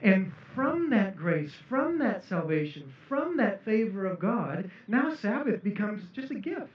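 A man's voice: high voice, very animated, unhurried. A man preaching a sermon, earnest and building to emphatic peaks. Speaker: pastor. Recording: echoey room, distant mic, dull sound.

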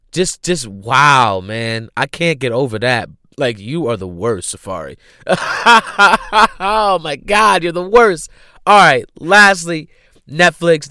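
A young man hosting a podcast, telling a story in a casual, profane, animated way and repeating himself when worked up. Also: lowish voice, smooth, dry recording, studio quality.

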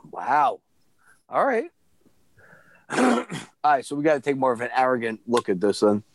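A man co-hosting a podcast, chatting casually, loud and profane, often shouting. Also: mid-range voice, expressive, unhurried, no echo. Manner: loud, swearing, laughing, prone to shouting. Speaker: podcast co-host.

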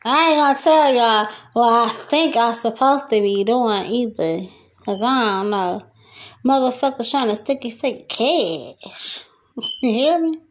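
A young woman hosting a solo podcast, venting in a loose, profane, laughing rant from her kitchen. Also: high voice. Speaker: podcast host. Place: home kitchen.

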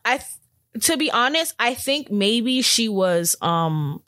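A young woman co-hosting a podcast in casual chat, telling animated stories and acting out quotes. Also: a little high, slow, no echo, clean studio sound. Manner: animated storyteller, acts out quotes. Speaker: podcast co-host.

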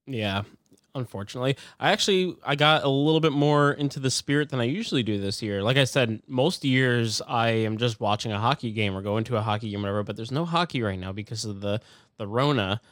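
A man's voice: medium pitch, fairly quick, fairly bright tone, no echo, clean studio sound. A man co-hosting a movie-review podcast in casual chat, rambling with many fillers and chuckles. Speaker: podcast co-host.

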